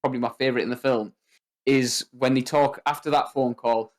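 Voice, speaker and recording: A man's voice: medium pitch, a little fast. Chatty man acting out movie lines. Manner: animated, acts out quoted movie lines. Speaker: podcast co-host. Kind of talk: casual film discussion.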